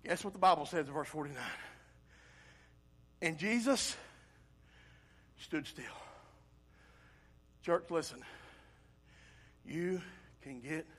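A male pastor preaching an animated sermon, swinging from loud emphasis to quiet intensity. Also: fairly high pitch, takes it slowly, pauses often.

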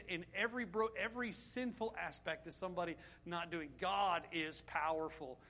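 A middle-aged male preacher with a high, bright voice delivers a sermon. He speaks with emphasis and keeps throwing rhetorical questions at the congregation. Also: normal speed, hardly any pauses.

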